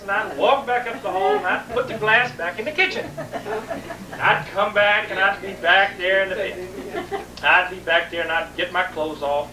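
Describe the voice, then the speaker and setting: A man telling a comic family story to a live audience, animated and repetitive. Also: sits high. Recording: echoey room, distant mic, noisy.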